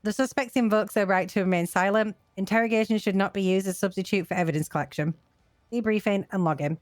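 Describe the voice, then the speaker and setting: A woman briskly reading a police policy document aloud on a voice call, with small stumbles. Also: mid-range voice, no echo.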